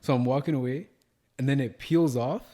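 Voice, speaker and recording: A man's voice: medium pitch, fairly quick. A young man, co-hosting a casual podcast chat and telling stories with rising animation. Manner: animated storyteller who gets loud and heated. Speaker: podcast co-host.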